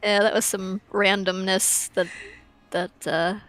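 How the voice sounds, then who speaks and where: A woman's voice: mid-range voice, flat delivery, slow, fairly bright tone. A woman on an animation crew chatting casually on a stream, retelling events with lots of laughter. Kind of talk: casual chat on a live stream.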